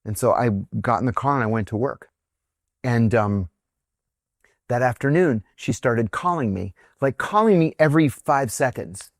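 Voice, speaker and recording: A man's voice: medium pitch, normal speed, dry recording. Candid man telling stories in a dry room. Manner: candid, animated anecdote-teller who acts out quotes. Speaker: interview guest, former intelligence officer. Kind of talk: conversational storytelling.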